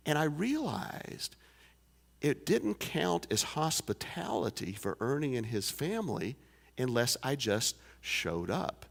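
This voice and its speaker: A man's voice: mid-range voice, big pitch swings, unhurried, gravelly. A pastor in his fifties telling a folksy story during a sermon, with many fillers and restarts. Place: church sanctuary. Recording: long church reverb.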